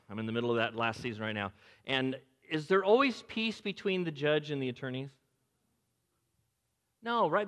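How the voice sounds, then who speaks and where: Middle-aged male pastor, conversational sermon, mid-pitched voice, big reverberant sanctuary. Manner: conversational and animated, swings between emphatic highs and quiet lows. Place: church sanctuary. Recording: long reverb of a large hall.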